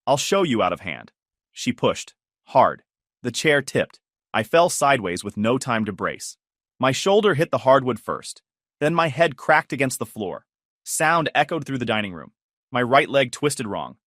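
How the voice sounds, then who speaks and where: A man's voice: medium pitch, very animated, unhurried, a bit bright, no room sound, studio quality. A man in his thirties narrating a first-person story in terse, clipped sentences. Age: 30s.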